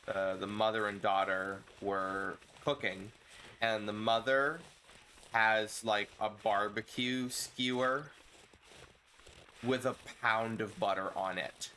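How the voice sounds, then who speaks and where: A chatty male streamer telling jokey stories over gameplay. His voice is bright and on the lower side, with a faint hiss behind it. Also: fairly even intonation, takes it slowly. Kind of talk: casual gameplay chat.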